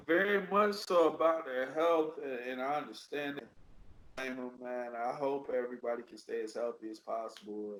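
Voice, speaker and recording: His voice sits a little high with a fairly bright tone. He's a guest on a podcast, chatting loosely from his Dallas home, laughing often and cursing without restraint, all captured in an echoey room.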